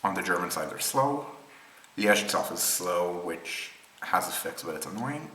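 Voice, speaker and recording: A man with a low yet bright, cutting voice talks through rail maps off the cuff. He pauses often with ums and restarts sentences as he thinks. The sound is roomy, with a faint hum of ambience behind him. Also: lively intonation. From Israel. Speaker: presenter explaining rail maps. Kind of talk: unscripted screen-share explainer.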